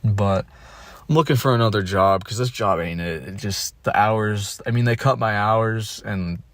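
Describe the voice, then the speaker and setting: A man's voice: lowish voice, normal speed, fairly bright tone, dry recording. A young man in his twenties ranting casually, profane and rambling, full of bitter complaints and restarts. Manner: bitter and aggrieved. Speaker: streamer. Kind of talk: casual rant.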